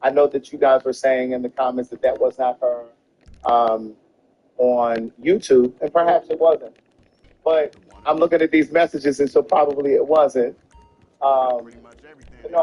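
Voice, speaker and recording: A man's voice: mid-range voice, normal speed, warm tone, husky, highs cut off. A man in casual podcast chat, talking emphatically and profanely with hesitant ums.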